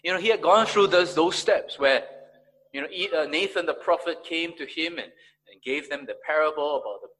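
A man preaching a sermon as pastor, swinging between emphatic raised peaks and quiet, low passages. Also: a little fast, slight background noise, low-quality recording.

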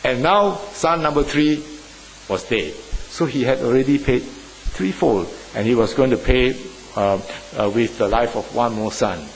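A male preacher delivers a sermon with emphatic swings between loud, stressed phrases and hushed asides. His mid-pitched voice rings out with a long hall reverb, and a faint hiss sits under the recording. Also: unhurried.

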